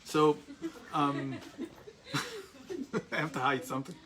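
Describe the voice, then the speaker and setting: A man from America in his forties teaches a class in a rambling, anecdotal way. He restarts sentences often and drops asides. His voice sits a little high, with a faint hum of background noise. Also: huge pitch swings, slow pace. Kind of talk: storytelling lecture.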